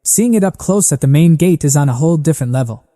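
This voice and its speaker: Guy reading earnest little girl ex-spy, kinda high, really dark tone, long reverb. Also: expressive, quick pace, close to an everyday voice. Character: young girl, former spy reborn, earnest and watchful.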